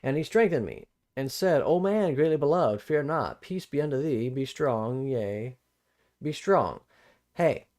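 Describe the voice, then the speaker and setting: A man hosts a live-streamed Bible study in an animated, mid-range voice that is darkish and a little slow. He reads verses aloud and comments on them casually, rereading and repeating phrases as he thinks, with plain-spoken asides between formal passages.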